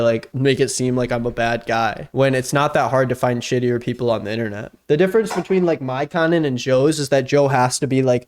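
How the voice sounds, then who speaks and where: A man's voice: medium pitch, a little mellow, clear, resonant tone. A young man reacting to a video on a live stream, talking casually and sounding exasperated. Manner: exasperated, casual, laughs often.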